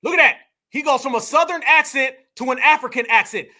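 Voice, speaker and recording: A man's voice: very high-pitched, a little fast, sharp tone. A man hosting a reaction commentary show, talking in a heated, confrontational, preachy way and calling his listeners "fam".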